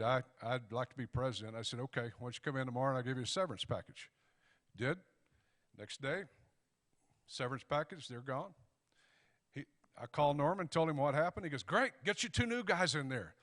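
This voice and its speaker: A man's voice: medium pitch, a bit bright. Folksy man telling a story in a hall. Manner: folksy, acts out dialogue. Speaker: guest speaker. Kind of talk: storytelling speech. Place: banquet hall. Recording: long hall reverb.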